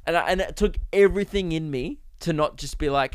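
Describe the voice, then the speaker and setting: A young Australian man hosting a podcast, ranting comically and exasperatedly, jumping into sudden high-pitched outbursts. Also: expressive, fast, a bit bright, clear, resonant tone, dry recording, studio quality. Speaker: podcast host. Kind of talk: comedic rant.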